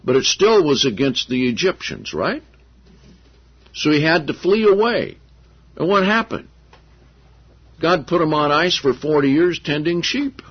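A man preaching a sermon, telling stories with animated voices for the people he quotes. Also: on the high side, a little slow, long pauses, husky. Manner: animated storytelling, acting out quotes. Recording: dull lo-fi sound.

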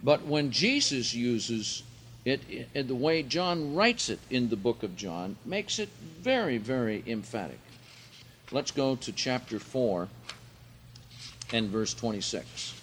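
A man preaching a sermon, reading scripture aloud and explaining Greek words, rising in pitch and volume for emphasis. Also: expressive, takes it slowly, fairly bright tone, a little hiss or hum.

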